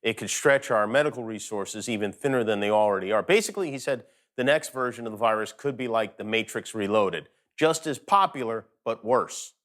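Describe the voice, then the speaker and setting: A man's voice: on the low side, animated, brisk, hardly any pauses, fairly bright tone. A man hosting a late-night show, delivering a sarcastic comedic monologue from home.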